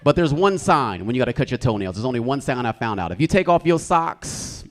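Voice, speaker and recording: A young man from the United States performing a stand-up comedy set in a club, telling stories loudly and shouting his acted quotes. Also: medium pitch, a little fast. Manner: animated, loud storytelling with shouted acted quotes. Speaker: stand-up comic. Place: comedy club stage with a live audience.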